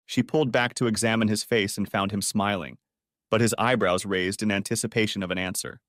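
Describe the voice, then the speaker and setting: A man narrating a story audiobook in a steady, even storytelling manner. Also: lowish voice, a little fast, no echo, clean studio sound.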